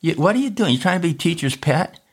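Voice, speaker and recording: A man's voice: fairly high pitch, very animated, fast, breathy edge, pitched above the performer's own voice. A man mimicking taunting teen classmates. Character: mocking teenage classmates.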